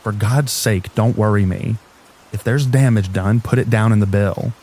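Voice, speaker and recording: A man's voice: on the low side, normal speed, darkish tone, a little hiss or hum, natural voice, rough recording. A man reading as a snappish, reclusive male stranger. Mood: irritable. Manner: snapping, muttering.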